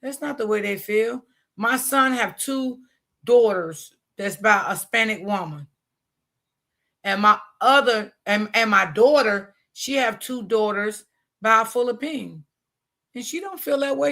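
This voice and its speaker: A woman's voice: fairly high pitch, bright, forceful tone. An older woman and grandmother giving casual commentary on a stream, emphatic and repeating her points.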